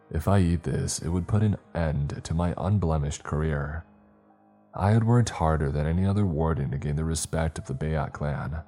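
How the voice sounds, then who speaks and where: Very deep-voiced male horror narrator. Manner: steady, dramatic first-person storytelling. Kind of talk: scripted horror story narration.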